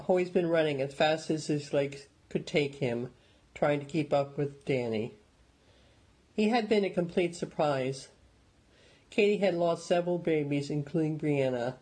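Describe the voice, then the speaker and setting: A man narrating an audiobook in a steady, measured storytelling manner. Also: fairly high pitch, husky, poor audio.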